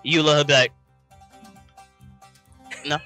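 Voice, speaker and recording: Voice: mid-range voice, little pitch movement, slow pace, bright, forceful tone, faint music behind. A player in a tabletop role-playing game, chatty and laughing often.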